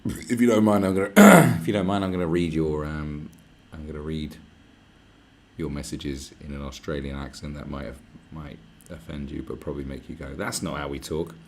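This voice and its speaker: A man's voice: a bass voice, normal speed, a little hiss or hum. A man chatting live on his stream, rambling and swearing freely as he reads out messages from viewers. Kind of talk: casual livestream chat. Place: where he is staying, not his home.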